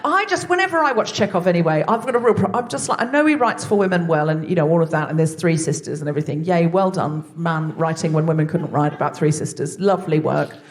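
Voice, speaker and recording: An Australian woman hosting a live comedy podcast on stage, with animated, sweary, playful banter. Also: low-pitched, fast, hardly any pauses. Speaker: host. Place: theatre stage before a live audience.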